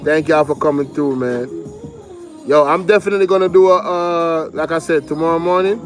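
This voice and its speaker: A man with a Jamaican accent and a fairly high voice, talking heatedly on a casual livestream. He piles up rhetorical questions and breaks off to shout out his viewers, while faint music plays behind him. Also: brisk. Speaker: livestream host.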